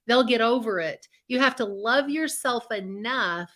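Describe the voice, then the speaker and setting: A woman with a bright, forward voice co-hosts a live online self-help show. She talks in an upbeat, earnest, encouraging way, walking listeners through tips. She speaks over a video call. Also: on the high side, lively intonation, a little slow. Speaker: co-host, empath coach.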